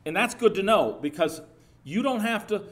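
Earnest middle-aged male pastor preaching. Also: high voice. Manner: earnest and lively, with rising emphatic bursts and halting restarts. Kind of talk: sermon.

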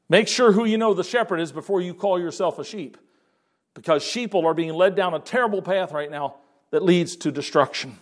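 An older man preaching a sermon, animated, swinging between loud emphasis and quiet asides. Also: high-pitched, a little fast. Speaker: pastor.

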